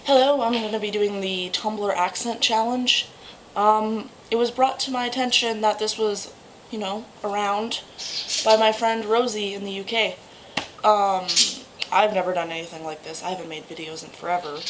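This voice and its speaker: A young woman from Canada with a Manitoba accent, chatting casually in a vlog and pausing often with ums. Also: medium pitch, steady tone, noisy background. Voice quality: chatty, halting with frequent ums. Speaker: vlogger.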